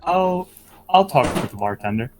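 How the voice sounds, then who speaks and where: A man's voice: a little high, expressive. Tabletop player, man, hesitant casual speech, faint noise. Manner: unsure, halting. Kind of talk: casual chat.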